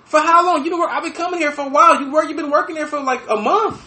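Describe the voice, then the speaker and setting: Podcast host, male, high lively voice, bright edge, animated and profane storyteller, echoey room. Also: rapid-fire. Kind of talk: casual chat, storytelling. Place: room with fireplace.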